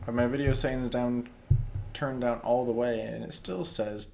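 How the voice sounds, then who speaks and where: A man's voice: mid-range voice, fairly even intonation, normal speed, creaky, a little mellow. A man streaming a video game, chatting casually with many fillers.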